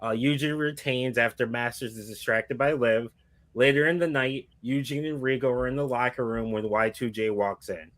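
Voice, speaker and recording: A man's voice: medium pitch, steady tone, normal speed, a bit bright. A man co-hosting a podcast, casually recapping a wrestling storyline with lots of fillers and restarts. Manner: rambling, filler-heavy storytelling. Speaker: podcast co-host. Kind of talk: casual chat recapping a fantasy wrestling booking.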